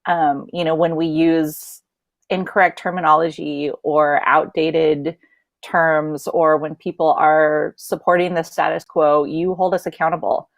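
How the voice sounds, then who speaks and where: A woman teacher giving a sincere, halting blessing to a graduating student, with many pauses and ums. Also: low voice, flat delivery, no room sound. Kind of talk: heartfelt blessing speech.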